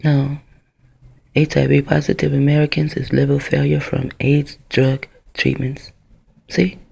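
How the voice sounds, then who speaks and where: Gravelly, husky woman ranting on a vlog. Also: rumbling low, monotone, unhurried, mellow. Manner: profane, rambling, drifts between ideas. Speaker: vlogger. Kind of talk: rambling vlog monologue.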